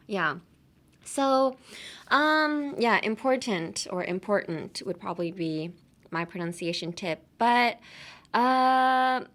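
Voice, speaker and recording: Running a podcast that teaches English, this young woman in her twenties keeps the lesson a relaxed chat, laughing a lot along the way. Her voice is medium in pitch with a fairly bright tone.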